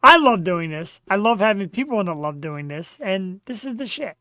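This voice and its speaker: A man's voice: high voice, lively intonation, moderate pace, pushed and bright, dry recording. A man hosting a live show from his home studio, chatting casually in a brash, profane way. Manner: brash, profane, hypes the audience. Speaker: show host.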